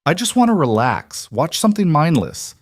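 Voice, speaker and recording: A man voicing a gentle, patient father. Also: a little high, big pitch swings, normal speed, dry recording, clean studio sound, voice pushed up. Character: patient single father, calm and firm.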